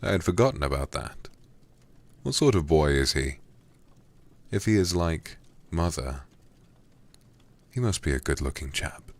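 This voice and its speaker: A man voicing a gruff, gossipy old English lord in a whispered role-play reading. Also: extremely low pitch, expressive, a little slow, long pauses, heavily acted. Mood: grumbling. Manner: blustering, gossipy and complaining. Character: gruff, grumbling old English lord, a young man's uncle.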